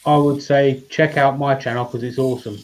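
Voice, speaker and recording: A man's voice: mid-range voice, flat delivery, a little fast. A man on a live stream panel, talking hesitantly with restarts and offering technical help. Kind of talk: casual chat.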